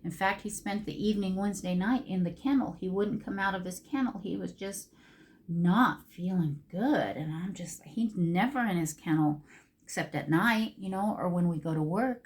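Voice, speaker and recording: A woman's voice: medium pitch, lively intonation, moderate pace. A middle-aged woman chatting casually while doing her makeup, telling a long rambling story with emotional ups and downs. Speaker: makeup vlogger.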